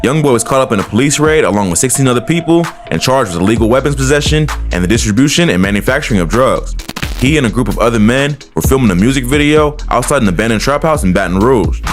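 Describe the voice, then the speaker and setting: A man's voice: mid-range voice, lively intonation, fast talker, faint music behind. A man reading a scripted documentary narration in a matter-of-fact way.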